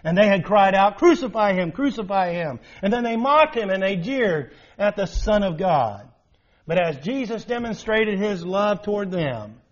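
A man preaching a sermon, rising dramatically and then dropping to a hushed close. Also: sits high. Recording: dull lo-fi recording.

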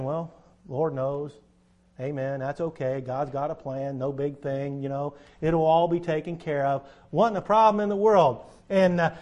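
High-voiced folksy preacher man. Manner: folksy storytelling that rises to loud emphatic preaching. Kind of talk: sermon.

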